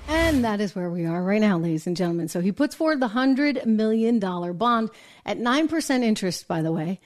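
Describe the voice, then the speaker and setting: A woman hosting a news commentary show, talking brisk and emphatic with sarcastic asides. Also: mid-range voice, expressive, a little mellow. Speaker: show host and business reporter. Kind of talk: opinionated political news commentary.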